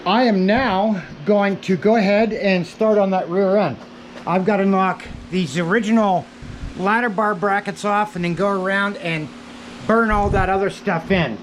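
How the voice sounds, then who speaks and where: A man's voice: high voice, steady tone, measured pace, slight background noise, rough recording. A man hosting a casual workshop vlog from his small home garage, joking and easygoing, with the odd curse word. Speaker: garage channel host.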